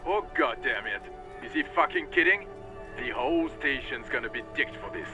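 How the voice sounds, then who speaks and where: A man's voice: medium pitch, expressive, normal speed, over music, close to an everyday voice. An actor playing an irritated, cursing male cop heard in the station. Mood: exasperated. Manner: swearing, exasperated.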